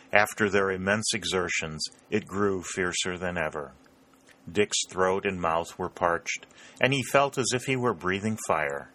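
A man narrating an audiobook in a steady, clear storytelling manner. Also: sits low. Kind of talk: scripted narration.

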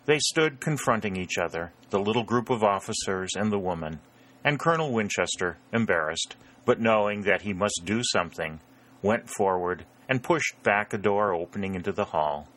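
A man reading a historical novel aloud in a measured, even storytelling manner. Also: lowish voice. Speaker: narrator. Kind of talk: audiobook narration.

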